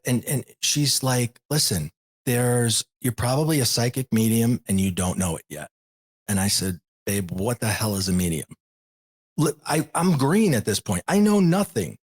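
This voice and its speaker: A man in his forties, a podcast guest, candidly retelling a personal story with lots of quoted dialogue in a husky voice. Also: mid-range voice. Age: 40s. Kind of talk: storytelling in an interview.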